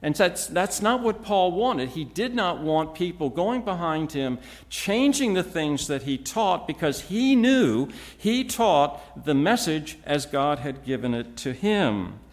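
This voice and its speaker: A man preaching an expository sermon, teaching in a measured, emphatic way with frequent restarts. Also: fairly high pitch, big pitch swings.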